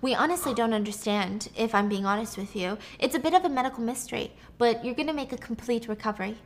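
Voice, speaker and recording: A woman voicing a calm, hesitant doctor who speaks softly and carefully. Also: a little high, natural voice. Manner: soft, hesitant, measured.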